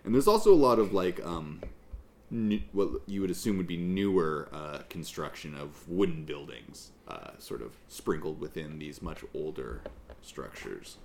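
A man narrating a tabletop game as game master, halting and full of fillers as he describes the scene. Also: low-pitched, lively intonation, gravelly, a little hiss or hum.

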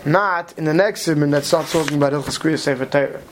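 A man leads a study lecture, speaking quickly and often pausing to check in with his listeners. His voice sits fairly high. A light hiss runs under the recording. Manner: quick, mixes Hebrew terms into English, many "right?" checks. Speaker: Torah teacher.

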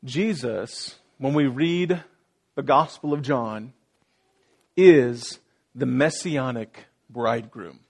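A man's voice: medium pitch, takes it slowly, vocal fry, darkish tone. A man preaching a sermon as pastor, earnest, reading scripture aloud and putting direct questions to his listeners. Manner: earnest preaching, acting out quoted voices and asking the congregation questions.

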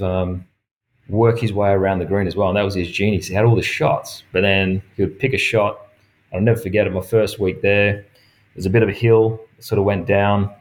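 Middle-aged male golf pro, lowish voice, chatty storyteller who laughs easily. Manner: animated, acts out quoted dialogue, laughs often. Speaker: golf professional. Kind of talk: casual storytelling chat.

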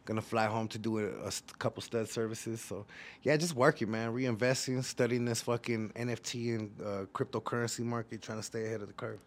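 A man with a West Coast accent, a rapper talking fast and profanely in a casual interview, telling animated stories. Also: fairly low pitch. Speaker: rapper guest.

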